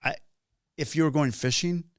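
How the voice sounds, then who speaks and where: A man's voice: fairly high pitch, moderate pace, clean tone, no room sound, studio quality. A man hosting a casual podcast chat, rambling with many restarts and fillers. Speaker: podcast host.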